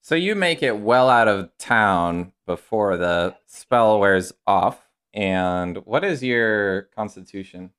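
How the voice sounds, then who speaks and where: A man narrating a tabletop game as game master, calm and measured. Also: fairly low pitch, clean tone.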